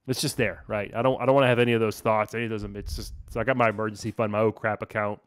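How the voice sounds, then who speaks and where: A man with a fairly low voice hosts a relaxed podcast chat about money. He talks with easygoing energy and drops casual slang as he explains. His voice sounds dry and close, with no room echo. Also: racing, few pauses, smooth. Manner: laid-back, energetic, slangy, says "man" and "dude". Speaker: podcast host, financial planner.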